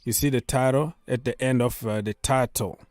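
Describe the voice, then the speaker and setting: A man's voice: medium pitch, fairly even intonation, moderate pace, a little mellow, no echo, studio quality. A man hosting a casual football live stream, talking loosely, repeating himself and reading out viewer comments, with a delivery.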